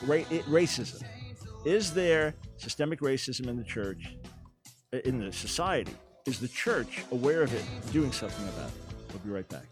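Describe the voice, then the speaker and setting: A man hosting a radio talk show, speaking earnestly and quick to jump in with his own points. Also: mid-range voice, expressive, music in the background.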